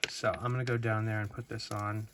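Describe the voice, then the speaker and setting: A man's voice: on the low side, little pitch movement, brisk, noisy background. A man giving a casual unboxing commentary at home, rambling and playful with many fillers and restarts, recorded on a phone. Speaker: toy reviewer. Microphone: phone camera.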